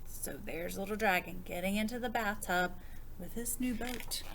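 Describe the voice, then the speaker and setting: A woman, a children's librarian, reading a picture book aloud with expressive, child-directed storytelling and questions to her young listeners. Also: mid-range voice, normal speed, creaky, slight background noise.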